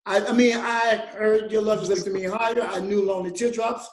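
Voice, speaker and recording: An animated male interview guest with a high voice, spinning a story and acting out the people in it. The sound rings a little in an echoey room, and he often breaks into laughter between lines. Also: fairly quick. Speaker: guest musician.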